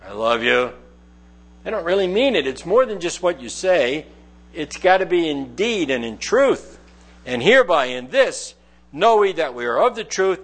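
A middle-aged man delivers a Bible teaching in a conversational manner. His voice sits somewhat high for a man. He reads verses aloud and then explains them plainly. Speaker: preacher.

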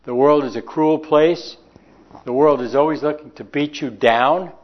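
A man preaching a sermon in a folksy, conversational way, slowing down to stress key words. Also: a little high. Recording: dull lo-fi recording.

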